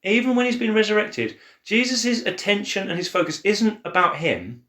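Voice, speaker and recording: A man co-hosting a church Bible podcast, chatting in an animated way and acting out quotes with laughter. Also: moderate pace. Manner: animated, acts out quotes with big pitch swings and laughs. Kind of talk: casual Bible discussion. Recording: echoey room.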